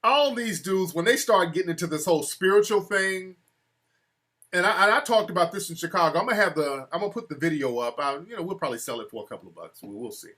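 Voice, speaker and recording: A man's voice: high voice, expressive, fast talker, bright, forceful tone. A man hosting a casual live-stream call-in show, talking loosely and mocking callers. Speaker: host.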